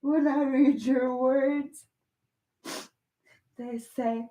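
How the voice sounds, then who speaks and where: A woman vlogger in an emotional direct-to-camera monologue, talking straight to an absent person, halting and repeating herself. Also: high voice, steady tone, dark tone, roomy sound.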